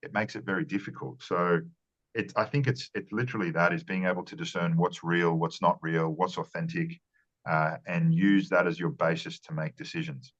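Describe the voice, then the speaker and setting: A man with a very low voice gives earnest interview answers. He often repeats words and restarts his phrases. The sound is dull and lo-fi. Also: fairly even intonation, moderate pace, fairly bright tone. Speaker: marketing strategist guest.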